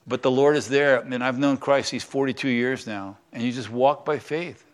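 Older pastor, chatty teaching sermon. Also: male voice, medium pitch, moderate pace. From United States. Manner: conversational teaching, asks the congregation questions.

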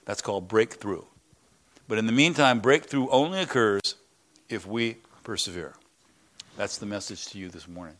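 A middle-aged man preaching a sermon in church, earnest and emphatic, repeating words and rising in pitch on key lines. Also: moderate pace, pauses often, fairly bright tone. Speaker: pastor. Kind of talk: sermon and prayer.

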